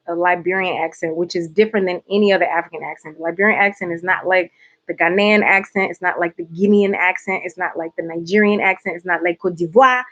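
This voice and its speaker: A woman's voice: lowish voice, a bit bright, lo-fi sound. A woman from Georgia with a light Southern accent, chatting playfully with her viewers in a casual livestream. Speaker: host.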